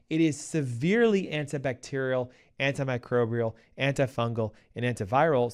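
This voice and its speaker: In a clean, medium-pitched voice, a man hosts a health advice show, speaking straight to his listeners with punchy emphasis. He raises his voice to act out a panicking cardiologist during the energetic talk.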